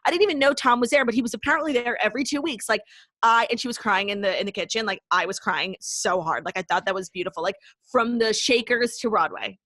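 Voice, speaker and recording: With a fairly high, fairly bright voice, a young woman co-hosting a podcast gossips quickly and casually. Her speech is thick with "like" filler and sprinkled with swearing, and there is no echo.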